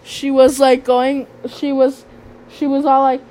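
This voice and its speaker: A woman's voice: sits high, monotone, a little slow, mellow. A woman telling stories in a casual vlog monologue. She talks in a rambling, slangy way, swears a lot and turns sarcastic. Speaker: vlogger.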